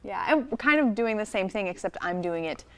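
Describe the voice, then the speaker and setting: A woman in her thirties from Michigan's Upper Peninsula co-hosts a TV show from the studio. She chats casually and laughs often, in a mid-pitched voice. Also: lively intonation, fairly quick, fairly bright tone. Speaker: TV show co-host.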